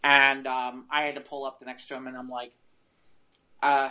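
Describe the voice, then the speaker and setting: A man's voice: mid-range voice, level tone, normal speed, sharp tone, muffled recording. A man co-hosting a casual talk show, telling a long, rambling story. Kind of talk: casual podcast chat.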